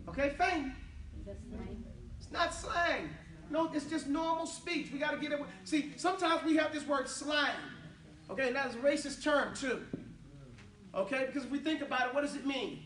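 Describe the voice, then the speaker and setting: A man's voice: very high-pitched, moderate pace, long pauses, a bit bright. A man teaching an Arabic class, drilling the students in call and response with a casual, joking manner. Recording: echoey room, distant mic, class audible.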